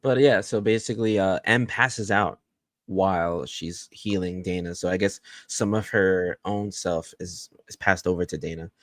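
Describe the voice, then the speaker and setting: A man with a very low voice co-hosting a TV recap chat. He sounds relaxed, laughs easily and talks the plot through in a loose, easy way. The recording is dry and close. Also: normal speed, dry recording. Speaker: podcast co-host.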